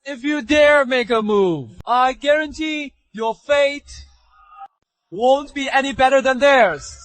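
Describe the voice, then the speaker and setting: A man voicing a cocky young hero in a dubbed drama, taunting his enemies in a slow, deliberate way. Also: very high voice, a bit bright, no room sound, heavily acted. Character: young man turned cocky healer-fighter.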